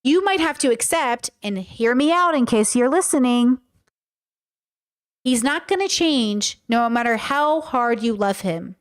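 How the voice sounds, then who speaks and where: A woman's voice: fairly high pitch, animated, unhurried. A woman hosting a casual reaction commentary, talking bluntly and emphatically with a lot of swearing. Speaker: commentary host.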